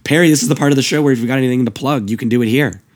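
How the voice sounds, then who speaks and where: A man hosting a podcast in casual chat, his voice hoarse and worn out. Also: medium pitch, very fast. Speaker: podcast host.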